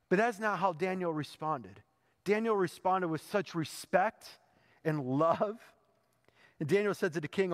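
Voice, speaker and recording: A man's voice: high-pitched, big pitch swings, unhurried. A male pastor preaching a sermon in a church, telling the story in a conversational way and building to emphatic peaks. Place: church sanctuary. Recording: long reverb in a church hall.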